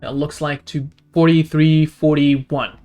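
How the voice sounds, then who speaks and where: A man hosting a stock analysis channel, walking through chart indicators and price levels, his voice going hoarse. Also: little pitch movement, dark tone, soft background music. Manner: rapid figures and indicator names, pitch jumping up on key points. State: losing his voice. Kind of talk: screen-share chart walkthrough.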